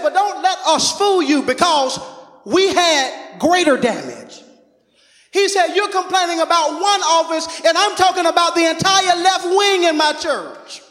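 A man's voice: extremely high pitch, fairly bright tone. A male pastor preaching a sermon, calling out to his congregation and laughing as he tells a story. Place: church sanctuary. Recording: echoey hall.

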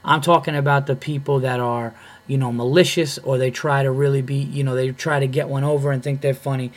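A man's voice: mid-range voice, flat delivery, fairly quick. A man who is a comedian and podcast host, telling a story in a blunt, profane, heated way. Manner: blunt and profane, heated when retelling a fight.

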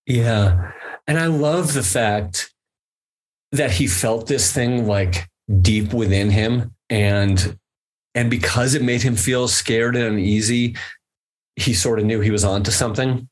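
A man with a mid-range voice takes things slowly as a guest on a podcast, where he works as a photo editor. In casual conversation he talks earnestly, stammering into his sentences and reading a long quote aloud.

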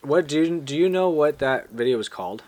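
A man's voice: a little high, a little fast, no room sound. A man hosting a podcast in a studio, talking casually and laughing easily. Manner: relaxed, laughs easily, uses fillers. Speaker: podcast host. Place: small studio.

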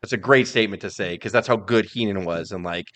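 A man co-hosting a podcast, telling wrestling stories in casual, profane chat with quick impressions. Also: on the low side, fairly bright tone. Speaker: podcast co-host.

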